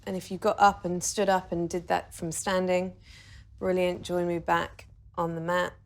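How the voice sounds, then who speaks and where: A woman talks a class through a meditation in a relaxed, chatty way. Her voice sits a little low for a woman, and she jokes, laughs and swears casually as she guides. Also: normal speed. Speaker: meditation teacher. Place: video shoot with a videographer.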